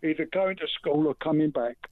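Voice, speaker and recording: A man's voice: on the high side, fairly quick, dry recording. A man calling in to a radio phone-in, blunt and plain-spoken, calling the host mate. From England. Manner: blunt, keeps saying mate. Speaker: caller. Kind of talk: phone-in call. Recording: tinny dry phone line.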